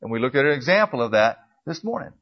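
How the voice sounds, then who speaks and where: A man teaching a casual Bible class in a church classroom. He clears his throat often and corrects himself as he goes. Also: medium pitch, very animated, fast. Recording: dull lo-fi recording.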